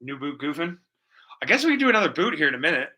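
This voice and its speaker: Guy chatting on his art stream, super bright voice, kinda high, cussing and rambling. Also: sing-song, rapid-fire. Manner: rambling, profane, jokey. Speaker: livestream art host. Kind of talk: casual chat while painting. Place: home studio.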